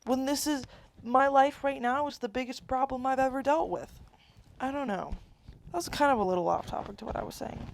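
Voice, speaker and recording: Creaky-voiced young woman rambling candidly. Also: high-pitched, a little fast. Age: 20s. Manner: rambling, self-interrupting, candid. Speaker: vlogger. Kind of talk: casual confessional monologue.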